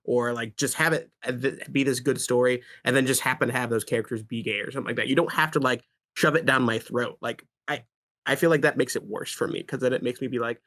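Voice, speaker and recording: A man's voice: mid-range voice, fairly even intonation, fast, a bit bright. Blunt, foul-mouthed podcast co-host man. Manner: blunt, profane, laughing. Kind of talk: casual chat.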